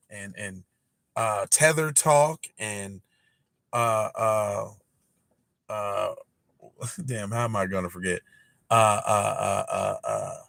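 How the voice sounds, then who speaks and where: A man with a fairly low, gravelly voice hosts an early-morning podcast livestream, recorded with no room sound. He talks in a slangy, teasing, animated way, using lots of fillers.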